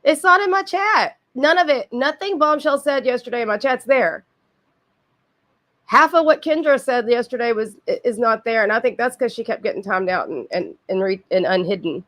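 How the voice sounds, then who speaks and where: A woman's voice: on the high side, fairly bright tone. Sniffly, chatty woman streaming. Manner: blunt, profane, chatty with frequent asides. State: sick with a cold, sniffling. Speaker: livestream host. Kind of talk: casual chat with live chat viewers.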